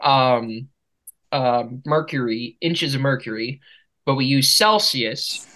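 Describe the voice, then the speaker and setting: American guy rambling on a podcast, swears constantly, bright voice. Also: medium pitch, expressive, takes it slowly, poor audio. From United States. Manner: swearing, laughing storyteller. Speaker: podcast host. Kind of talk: casual chat.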